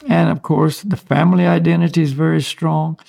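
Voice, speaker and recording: Chuckling now and then, this US-born spiritual teacher talks through ideas in an easygoing, casual manner. He speaks fairly quickly in a higher voice marked by vocal fry.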